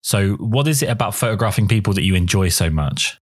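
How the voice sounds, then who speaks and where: A man's voice: on the low side, lively intonation, brisk, breathy edge, dry recording, clean studio sound. A man hosting a podcast, asking questions in a chatty, self-deprecating way. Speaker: podcast host. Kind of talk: casual interview chat.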